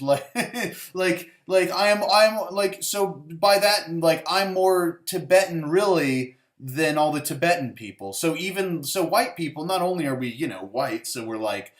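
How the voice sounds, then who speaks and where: A man's voice: fairly high pitch, lively intonation, a little slow. Rambling, sarcastic male movie reviewer. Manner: rambling and sarcastic, heavy on "like" and swearing. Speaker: host of a movie review show. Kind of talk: casual profane movie review. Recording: roomy echo.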